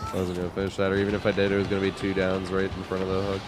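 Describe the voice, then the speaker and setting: A low, monotone male voice talks rapid-fire over background music while he streams a video game. He chats loosely and profanely with his viewers, sounding weak and congested from a cold.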